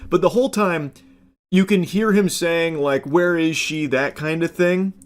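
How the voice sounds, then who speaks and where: A man's voice: on the high side, measured pace. A young man streaming, casually commenting on a clip, rambling with fillers and casual swearing.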